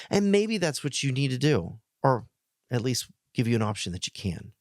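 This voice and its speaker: A middle-aged male pastor giving a heartfelt, plainspoken message to men, earnest, with emotional pauses. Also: mid-range voice, lively intonation, no echo, studio quality.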